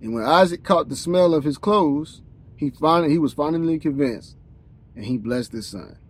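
A man's voice: fairly high pitch, expressive, moderate pace, breathy edge. A man hosting a podcast, reading scripture aloud in a plain voice, tripping over words now and then and breaking off with casual slangy comments.

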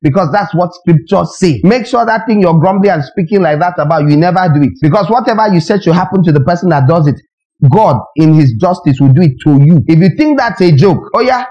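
Emphatic pastor, mellow voice. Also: male voice, high-pitched, lively intonation, brisk, dull audio. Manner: emphatic, questioning the congregation directly. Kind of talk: sermon.

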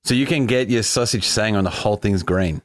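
A man's voice: fairly low pitch, fairly quick, no echo, studio quality. A man co-hosting a podcast, chatting casually, swearing and joking often. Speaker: podcast co-host. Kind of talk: casual sports podcast banter.

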